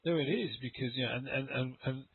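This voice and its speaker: A man's voice: medium pitch, fairly quick, husky, dry recording. A middle-aged man, a teacher who talks in a rambling way, repeats words and acts out little dialogues during an online lesson. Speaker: English teacher. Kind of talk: conversational online English lesson. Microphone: video call. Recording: dry, tinny call audio.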